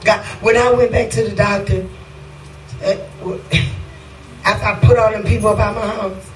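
A woman preaching a sermon with a rhythmic cadence, breaking into shouts and sung phrases. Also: medium pitch, steady tone, moderate pace, reverberant, distant mic, slight background noise, low-quality recording.

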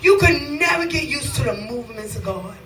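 A woman preaching a sermon with a rhythmic cadence, breaking into shouts and sung phrases. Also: a little high, expressive, fairly quick, reverberant, far from the mic, low-quality recording.

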